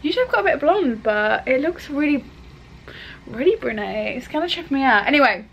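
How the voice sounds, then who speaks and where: Young girl vlogging, high voice, chatty and excitable, faint hiss behind. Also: a little fast, vocal fry, poor audio. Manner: chatty and excitable, swears casually. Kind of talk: casual travel vlog.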